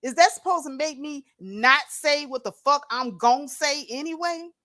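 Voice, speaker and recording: A woman hosts an unscripted livestream and rants with blunt, profane confrontation. Her voice sits a bit high. The sound is dry and close, picked up on a plug-in mic. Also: unhurried, sharp tone, no echo. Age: adult with a grown daughter. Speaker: livestream host. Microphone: plug-in microphone.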